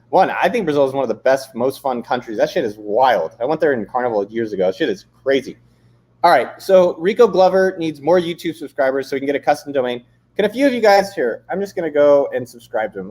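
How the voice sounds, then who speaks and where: A man's voice: mid-range voice, darkish tone. A man hosting a live stream, reading comments aloud and chatting casually with frequent swearing and jokes. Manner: casual, profane, joking, reads chat aloud. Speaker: livestream host. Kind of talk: casual livestream chat. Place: San Diego, California.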